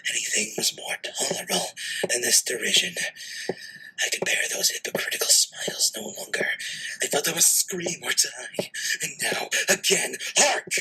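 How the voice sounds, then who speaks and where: Guilt-crazed murderer, audiobook, raspy whisper, wildly swinging pitch. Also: male voice, exaggerated voice, rough recording. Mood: shrieking. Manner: swings between hushed whispers and shrieks. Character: guilt-crazed male murderer confessing, frantic. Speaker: dramatic reader. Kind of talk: dramatic audiobook reading.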